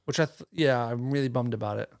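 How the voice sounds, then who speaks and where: A podcast co-host speaking in casual chat with wry, blunt asides. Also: male voice, medium pitch, quick pace, gravelly, a loud crowd.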